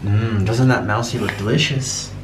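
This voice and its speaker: A woman chatting casually on a vlog, gushing with excitement and cooing baby talk at a pet. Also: a bass voice, normal speed, very noisy. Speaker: vlogger.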